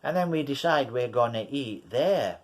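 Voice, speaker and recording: A man's voice: medium pitch, expressive, moderate pace. An English man vlogging, telling a rambling story to his viewers and calling them guys. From England. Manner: rambling, repeats himself, addresses viewers as guys. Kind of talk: casual storytelling to camera.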